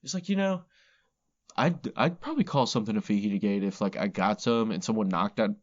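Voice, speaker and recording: A man co-hosting a podcast in casual chat, animated and jokey, swearing freely. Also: on the low side, a little fast, muffled recording. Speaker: podcast co-host.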